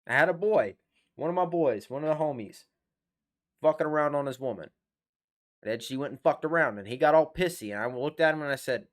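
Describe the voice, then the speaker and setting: A man hosting a live reaction stream rants bluntly and swears freely. His pitch swings widely as he presses his points. It sounds like a desk microphone in a home setup. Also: lively intonation, quick pace. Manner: blunt, profane, emphatic. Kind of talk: casual reaction-stream rant. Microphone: desk USB microphone.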